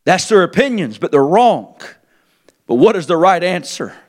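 A man preaching with a very high voice. His sermon rises into fervent, shouted emphasis, then drops back to quiet, low asides. He addresses a congregation as their preacher. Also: sing-song, normal speed. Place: church service before a congregation.

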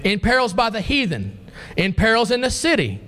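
A man's voice: high voice, wildly swooping pitch, moderate pace, a bit bright, a little hiss or hum. A man preaching a sermon to a congregation, reading scripture and asking the listeners pointed questions.

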